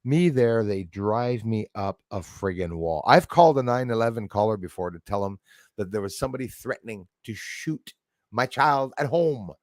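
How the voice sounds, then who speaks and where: A man hosting a casual chat, telling stories in an excitable, animated way. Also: lowish voice, moderate pace, no room sound, clean studio sound. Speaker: podcast host.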